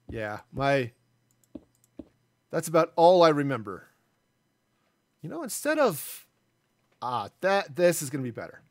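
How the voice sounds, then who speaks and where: Chatting in a relaxed, self-mocking way, this fortysomething man comments live on his building-game stream. His fairly high-pitched voice is captured with no room sound.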